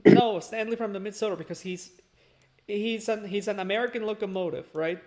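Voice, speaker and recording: Blunt young guy, pretty high-pitched, offhand chat. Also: fairly quick, darkish tone. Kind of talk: casual chat.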